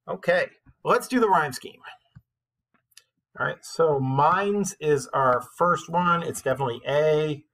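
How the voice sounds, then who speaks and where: A man's voice: on the high side, lively intonation, normal speed, pushed and bright. A man teaching a class on a poem, explaining in a casual way with many fillers and reading the verse aloud.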